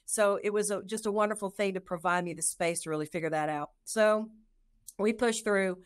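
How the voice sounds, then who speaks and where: Middle-aged female nurse guest, expressive storyteller, mid-range voice. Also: mid-range voice. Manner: animated, acts out her own past thoughts. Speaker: nurse and lactation consultant guest. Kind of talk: personal storytelling in an interview.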